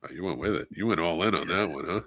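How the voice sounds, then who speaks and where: A man's voice: low-pitched, fast, a bit bright, no echo. A man co-hosting a film podcast in casual chat, enthusiastic and stopping often for "uh". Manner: enthusiastic, listy, many "uh" fillers. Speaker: podcast co-host.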